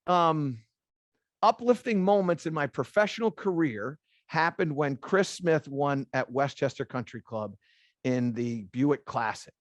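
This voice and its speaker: A middle-aged man, a golf instructor, speaking to a room of golf teachers as an animated storyteller who repeats phrases for emphasis. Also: on the high side, dry recording, clean studio sound.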